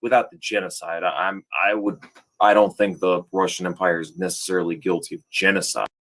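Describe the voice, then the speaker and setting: A man's voice: low voice, fairly even intonation, fairly quick, fairly bright tone. A man giving casual reaction commentary to a video, rambling and sometimes losing his train of thought.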